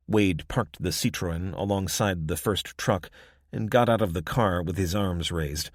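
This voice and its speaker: A man with a very deep voice reads the story in a steady, measured storyteller's manner. The recording is close and dry, with no room sound around him. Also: no room sound. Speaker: audiobook narrator. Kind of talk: scripted narration.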